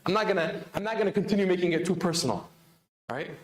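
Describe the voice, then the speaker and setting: A man's voice: sits high, lively intonation, fast talker. A man giving a sermon with urgency, asking the crowd questions and answering them himself. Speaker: speaker at a religious celebration. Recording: echoey hall.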